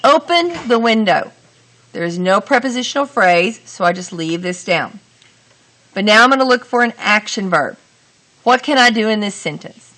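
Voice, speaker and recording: A woman teacher explaining grammar step by step, talking through each sentence deliberately and asking the class questions. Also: medium pitch, animated, fairly bright tone. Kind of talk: grammar lesson.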